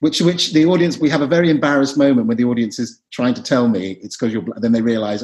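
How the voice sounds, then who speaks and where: Animated middle-aged male actor. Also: mid-range voice, quick pace, hardly any pauses. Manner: animated, theatrical storytelling. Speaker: actor and writer, podcast guest. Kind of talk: podcast discussion.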